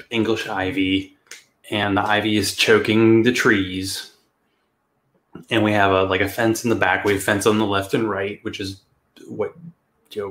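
A man with a fairly low voice tells a story in a loose, chatty way, rambling and cursing casually. It sounds like a podcast recorded in an echoey room. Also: fairly bright tone. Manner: chatty, rambling, swears and laughs often. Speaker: podcast host.

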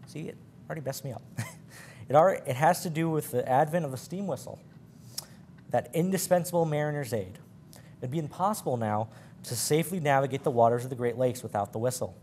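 A man's voice: medium pitch, a little mellow, a little hiss or hum. A man presenting a library program, reading sailor yarns aloud with slips and chuckles. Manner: stumbling, laughing at his slips.

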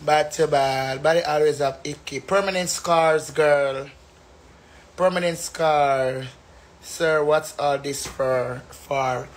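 A man's voice: a little high, fairly even intonation, slow pace. A man with a Jamaican accent chatting casually and animatedly, breaking into laughter often and singing phrases. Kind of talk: casual live chat.

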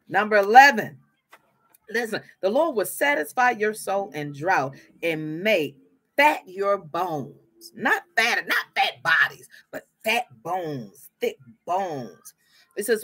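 A woman's voice: mid-range voice, sing-song, unhurried, fairly bright tone, breathy edge. A woman preaching a fervent sermon, repeating her phrases for emphasis.

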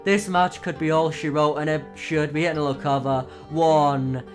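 A man, hoarse, calling wrestling matches from a video game in excited play-by-play, full of oaths and sudden exclamations. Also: moderate pace, soft background music. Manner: exclamatory, frequent oaths and gasps, swings loud and high. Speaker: play-by-play commentator for his own wrestling game.

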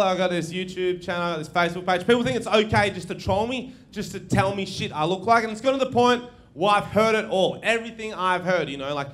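A man's voice: high voice, fairly bright tone, slight background noise. A young man doing a stand-up comedy set, brash and swearing, laughing at his own jokes. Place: live comedy venue with audience.

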